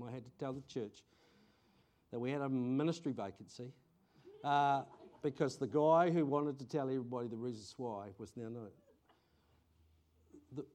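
A middle-aged man, preaching a conversational sermon and telling stories with sudden bursts of excitement. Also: medium pitch. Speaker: pastor.

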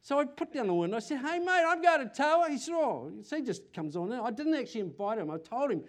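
Preaching to his congregation at a fast clip, an older New Zealand man speaks in a high-pitched voice. He is animated, repeats words often, and asks questions throughout.

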